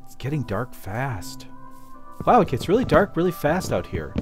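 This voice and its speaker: Lively, playful man commenting on gameplay. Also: mid-range voice, moderate pace, over music. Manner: playful, chatty, talks to in-game objects. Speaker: let's play host. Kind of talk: casual game commentary.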